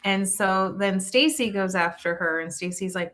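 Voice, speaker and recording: A woman's voice: mid-range voice, moderate pace, fairly bright tone. A middle-aged woman co-hosting a podcast, recapping a reality show in casual, gossipy chat that trails off and restarts. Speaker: podcast co-host.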